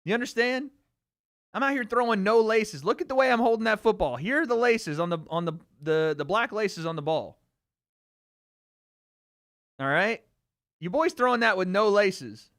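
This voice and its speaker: A man's voice: high voice, animated, normal speed, pauses often, fairly bright tone. A man hosting a casual livestream, talking animatedly and boastfully, swearing freely, with a light Southern American accent. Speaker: streamer host.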